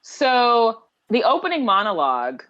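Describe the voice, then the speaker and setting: A woman's voice: a little high, wildly swooping pitch, unhurried, fairly bright tone, lo-fi sound. A woman co-hosting a casual podcast chat, steering the conversation in a matter-of-fact way. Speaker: podcast co-host.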